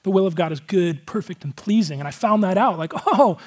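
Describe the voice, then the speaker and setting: A man's voice: high voice, fairly quick, few pauses, darkish tone. A male pastor giving a casual, conversational sermon, earnest and rambling, with a lot of filler words.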